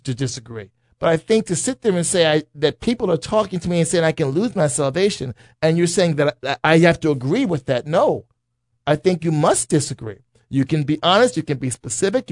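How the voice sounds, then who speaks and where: A man who is a pastor, speaking in a conversational Bible teaching talk, forceful and repetitive, building his points as lists. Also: a little high, dry recording, studio quality.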